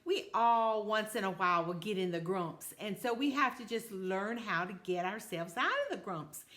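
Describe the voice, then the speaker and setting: An older woman telling a children's story, animated and sing-song, talking straight to the kids. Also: on the high side.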